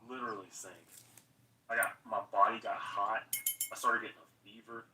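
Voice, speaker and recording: A man's voice: lowish voice, flat delivery, moderate pace, roomy sound, distant mic, background noise. A man hosting a casual livestream chat, easygoing and agreeable. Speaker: livestream host.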